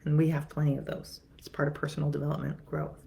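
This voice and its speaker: A middle-aged woman therapist talks viewers through a lesson in a lowish, gravelly voice. She speaks conversationally, repeats and restarts her words, and briefly acts out what her clients say. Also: completely flat delivery, fast, dark tone. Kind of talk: teaching talk to viewers.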